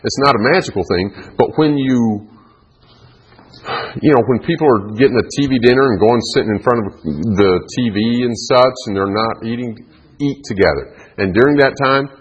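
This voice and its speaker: A man's voice: medium pitch, normal speed, muffled recording, a little hiss or hum. A middle-aged man giving a chatty parenting talk, laughing often and acting out kids and moms. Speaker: parenting speaker. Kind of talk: talk to an audience.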